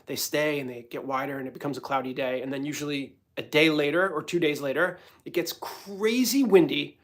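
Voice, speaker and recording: A man's voice: medium pitch, steady tone, quick pace, a bit bright. A man from New York hosting a casual livestream, talking in a rambling, hyper, self-mocking way. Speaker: host.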